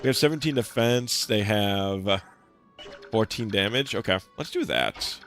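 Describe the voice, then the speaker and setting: A man's voice: on the low side, unhurried, fairly bright tone. A young man giving casual, rambling commentary while streaming a video game, with lots of fillers and restarts. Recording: faint game music behind.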